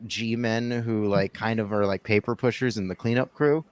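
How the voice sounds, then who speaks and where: Casting: lower-pitched man, laid-back guest, hesitant but opinionated. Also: moderate pace, dry recording. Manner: relaxed, opinionated, hesitant with fillers. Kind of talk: casual chat.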